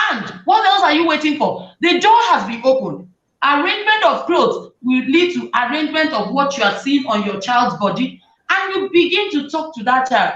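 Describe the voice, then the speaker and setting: Animated woman host in a roomy space. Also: sits high, normal speed. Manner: animated, acts out parents' and children's lines. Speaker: talk show host advising parents. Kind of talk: conversational advice talk. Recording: roomy, distant, dull sound.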